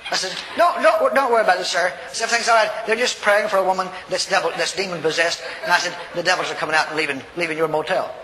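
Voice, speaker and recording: An older man preaching a sermon, telling a story in a folksy, animated way and acting out the voices. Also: sits high, very fast, few pauses. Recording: reverberant hall, faint noise.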